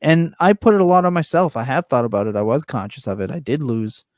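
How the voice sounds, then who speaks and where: Male wrestler, podcast guest, blunt ranting talk, mid pitch, dry mic. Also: lively intonation, fast talker, no room sound. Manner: candid, swears freely, rants with rising pitch. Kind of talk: casual podcast interview. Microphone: remote call mic.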